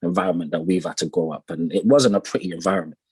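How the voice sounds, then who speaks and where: A man's voice: low voice, quick pace, darkish tone. A young man from North London with a London accent, chatting easily as a podcast guest, full of fillers and restarts. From North London, England. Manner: laid-back, lots of fillers and repeated starts, laughs often. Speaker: podcast guest, songwriter and producer. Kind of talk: casual conversation.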